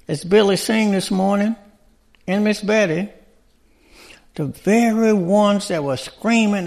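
High-voiced man preaching a sermon. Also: lively intonation, unhurried, creaky, pauses often. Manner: conversational preaching with rhetorical questions.

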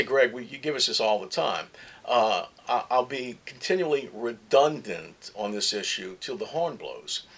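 A man's voice: medium pitch, fairly bright tone, slightly rough. A man preaching a sermon, emphatic and repetitive, asking rhetorical questions and often restarting his sentences.

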